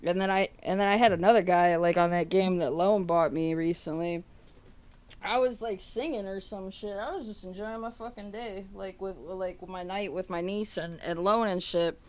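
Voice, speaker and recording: A woman's voice: medium pitch, moderate pace. Profane woman streamer telling a story. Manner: profane, rambling and animated; laughs through her telling. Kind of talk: casual storytelling to a stream audience.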